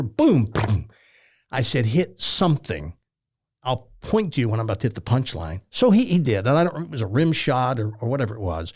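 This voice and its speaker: An older man from Tennessee, a former radio host telling stories in an interview and acting out the dialogue. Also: medium pitch. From Tennessee, USA. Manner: animated storyteller who acts out quoted dialogue. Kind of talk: storytelling in a casual interview.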